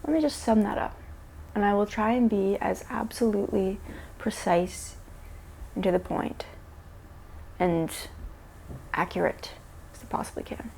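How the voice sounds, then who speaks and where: A woman vlogging a confessional self-talk monologue to camera, halting and searching for words with many restarts. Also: mid-range voice, creaky, darkish tone, slight background noise. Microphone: camera mic.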